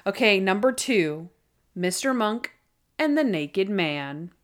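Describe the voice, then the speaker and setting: A woman's voice: mid-range voice, expressive, slow. Chatty young woman co-hosting a podcast. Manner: chatty, frequent "like" fillers, laughs at own jokes. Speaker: podcast co-host. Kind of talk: casual chat.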